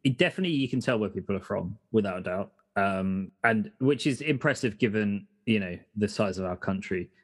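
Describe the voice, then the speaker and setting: A man's voice: on the low side, lively intonation, brisk, hardly any pauses. An English man as a podcast guest, talking casually with many hesitations. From England.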